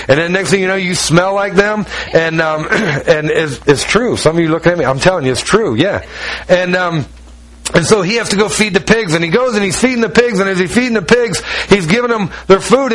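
A man's voice: sits high, a bit bright, low-quality recording. A man preaching a sermon, retelling a story in a folksy, emphatic way with lots of repetition and direct asides to the congregation.

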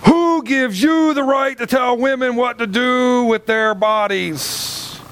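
A man's voice: sits high, brisk, a bit bright, a little hiss or hum, voice pushed up. A man voicing an indignant woman passenger on a plane, confronting and arguing. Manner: challenging, argumentative.

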